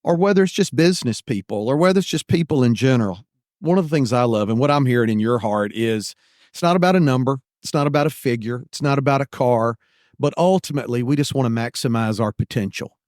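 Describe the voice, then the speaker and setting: A man's voice: medium pitch, animated, fast, darkish tone, no echo, studio quality. A man hosting a podcast, speaking earnestly in casual conversation and repeating phrases for emphasis.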